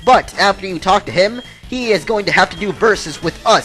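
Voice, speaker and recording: A man's voice: sits high, animated, moderate pace, fairly bright tone, faint music behind. A man hosting a video game playthrough, chatting casually with rambling asides and lots of fillers. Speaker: let's play host. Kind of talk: casual gameplay commentary.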